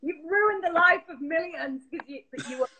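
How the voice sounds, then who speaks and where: A woman's voice: very high-pitched, moderate pace, sharp tone, rough recording. A woman chatting as a guest on a video call, talkative and teasing. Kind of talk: casual video-call chat.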